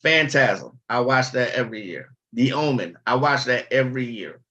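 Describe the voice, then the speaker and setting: A man's voice: mid-range voice, animated, normal speed, sharp tone, muffled recording. A man hosting a casual livestream, talking bluntly and chattily and swearing freely. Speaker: livestream host.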